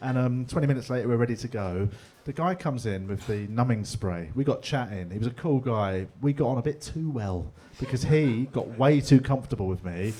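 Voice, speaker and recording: A man's voice: medium pitch, expressive, a little fast, hardly any pauses, dark tone, slight background noise. A man doing a stand-up set in a pub comedy room, talking in a chatty, storytelling way with laughing asides.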